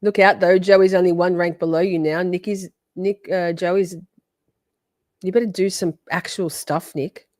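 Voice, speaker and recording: A woman's voice: on the low side, steady tone, a little slow, a little mellow, dry recording, clean studio sound. A woman in her forties hosting a casual livestream, teasing her chat and swearing freely. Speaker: livestream host.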